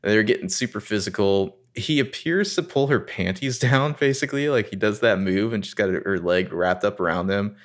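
A man's voice: fairly low pitch, normal speed, hardly any pauses. A man hosting a podcast, recapping a TV episode in a casual, rambling way with crude humor. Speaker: podcast host.

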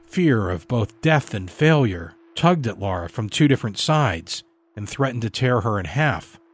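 A man reading a horror story aloud in a measured, dramatic storytelling delivery. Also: medium pitch, big pitch swings. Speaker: story narrator. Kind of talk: scripted horror narration.

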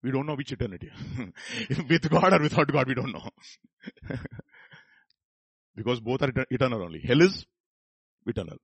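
A man's voice: mid-range voice, lively intonation, moderate pace, gravelly, long pauses, slightly rough, no room sound. A middle-aged man with an Indian Telugu accent preaching a sermon as pastor, telling stories with quoted voices and building to emphatic peaks. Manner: storytelling with acted quotes and chuckles, rising to emphatic peaks.

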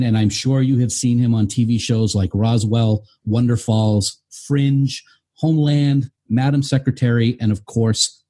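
A man hosting a podcast with a mellow, slightly husky voice. He reads an earnest introduction, stressing each item in a list, then asks questions. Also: mid-range voice. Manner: earnest, builds up lists with emphasis. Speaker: podcast host. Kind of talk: scripted guest introduction and interview questions.

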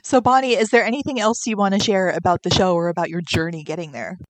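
Brisk woman podcast host, dry sound. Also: fairly low pitch, steady tone, no echo, low-quality recording. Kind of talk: casual interview chat.

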